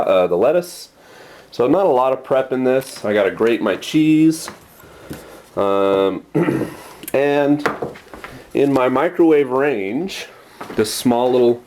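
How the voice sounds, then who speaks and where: A man's voice: on the low side, a little hiss or hum. A man casually explaining each step as he cooks dinner in a small apartment kitchen for a vlog. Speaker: vlogger.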